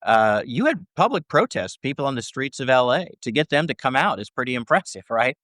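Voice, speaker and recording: A man's voice: medium pitch, big pitch swings, fairly quick, fairly bright tone, no echo, clean studio sound. A man answering interview questions as a scholar, talking in long explanations and checking in with "right?" between points. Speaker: First Amendment scholar guest.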